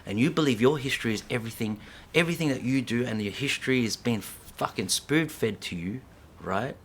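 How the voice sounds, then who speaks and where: A man delivers an impassioned rant straight to camera, packed with swearing. He swings between loud, heated outbursts and low, hissed whispers, and his voice sits at an average male pitch. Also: brisk. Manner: heavy swearing, repeats lines for emphasis. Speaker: breakdancer.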